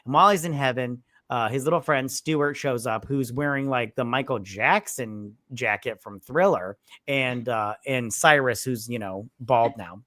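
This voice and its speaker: A man rambling loosely through a film plot, cursing freely and slipping into the characters' lines. He sounds close and dry, with no room around him. His voice sits at an ordinary middle pitch. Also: unhurried, few pauses, pushed and bright, no echo. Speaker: movie review co-host. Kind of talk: casual live-stream chat.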